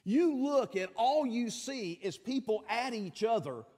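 A man's voice: extremely high pitch, expressive, measured pace, darkish tone, in a large hall. A male pastor, preaching a sermon in a conversational, folksy way with fillers and emphatic peaks.

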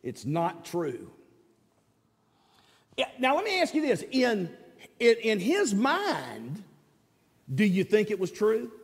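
Man preaching, high and very animated; chatty, quizzes the congregation; long hall echo. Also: slow, pauses often, breathy edge. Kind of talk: sermon.

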